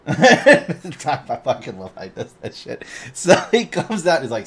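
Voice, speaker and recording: Male podcast co-host, mid-pitched, animated and profane storyteller who keeps breaking into laughter; faint background noise. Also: moderate pace. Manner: animated storyteller, swears constantly, laughs often. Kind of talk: casual chat.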